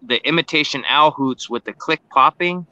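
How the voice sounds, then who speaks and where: A man in a casual podcast chat who describes encounters thoughtfully, often pausing to find his words. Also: on the high side, bright, forceful tone, dry recording, highs cut off. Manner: reflective, searching for words with restarts. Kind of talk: casual live-stream chat.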